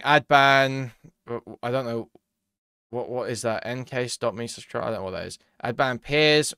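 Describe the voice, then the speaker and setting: A man's voice: medium pitch, a bit bright, clean tone, dry recording, studio quality. A man streaming live, giving casual commentary in a rambling, profane way while reading chat aloud.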